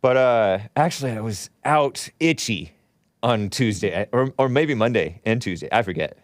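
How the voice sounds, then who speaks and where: A man's voice: medium pitch, animated, normal speed, no room sound, studio quality. Congested man hosting a call-in show. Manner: chatty, rambling, laughs often. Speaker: talk show host taking calls and reading chat. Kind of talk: casual call-in talk show banter.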